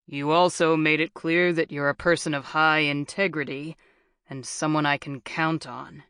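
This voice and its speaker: A woman voicing a veteran male journalist who speaks in a gravelly voice with a grave, somber tone. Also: on the high side, steady tone, moderate pace, pushed and bright, no room sound, clean studio sound.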